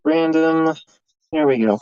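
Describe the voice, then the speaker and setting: This guest on voice chat has a somewhat high, slightly mellow voice and speaks slowly, with no echo around him. Chatting through a live reaction stream, he stays relaxed, laughs frequently, and stumbles on repeated words, all in dull lo-fi voice chat quality.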